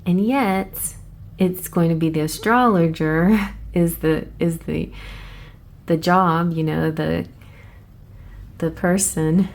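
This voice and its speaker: A woman hosting a casual flip-through review of an oracle deck, chatty and excitable, thinking aloud and restarting her sentences. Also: fairly low pitch, slow, pauses often. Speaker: tarot channel host.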